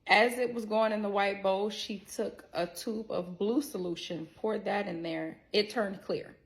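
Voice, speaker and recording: Candid woman with a gravelly voice. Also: medium pitch, a little slow, rough recording. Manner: animated, candid, swears freely and talks straight to viewers. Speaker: vlogger telling a personal story. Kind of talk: casual storytelling to camera.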